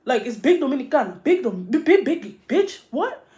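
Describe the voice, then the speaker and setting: A woman imitating a loud, upset reality-show contestant who swears indignantly. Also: high-pitched, very animated, fairly quick, voice pushed up.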